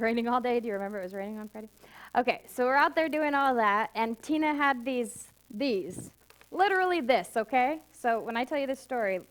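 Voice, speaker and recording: A middle-aged woman preaching to her congregation in a relaxed, conversational way, her slightly high voice climbing when she presses a point. She slips between lifted emphasis and quiet, heartfelt asides. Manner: conversational storytelling, swinging from emphatic highs to soft intimate lows. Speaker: minister. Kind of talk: sermon.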